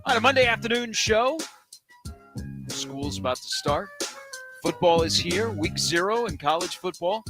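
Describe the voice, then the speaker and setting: A man's voice: high voice, animated, measured pace, long pauses, music in the background. Chatty Midwestern sports radio man. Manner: chatty, jokey, playful storyteller. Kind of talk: casual sports talk.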